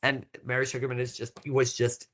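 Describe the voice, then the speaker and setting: A man co-hosting a casual chat, telling audition stories in an animated way with many restarts. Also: medium pitch, fairly quick. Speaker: co-host.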